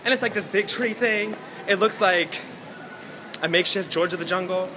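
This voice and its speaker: A man's voice: high voice, moderate pace, noisy background. A young man vlogging in a sassy, profane, dramatic rant, recorded on a phone while out and driving. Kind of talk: casual vlog rant. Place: outdoors and in a car.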